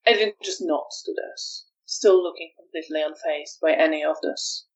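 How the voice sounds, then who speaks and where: Woman storyteller, low voice, very slow, set back from the mic. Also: distant mic, highs cut off. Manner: measured, hesitant with ums. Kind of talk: narrating a tabletop game.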